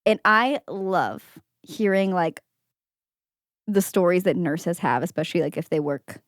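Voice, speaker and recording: A woman's voice: on the low side, a little slow, no echo, clean studio sound. A woman co-hosting a podcast in casual chat, giggly and chatty, often saying "like", and reading stories aloud. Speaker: podcast co-host.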